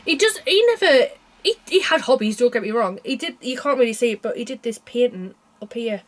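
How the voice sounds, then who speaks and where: A woman's voice: a little high, expressive, a little fast. A young woman chatting casually about cross stitch designs, tired and yawning, rambling with small laughs. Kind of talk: casual chat.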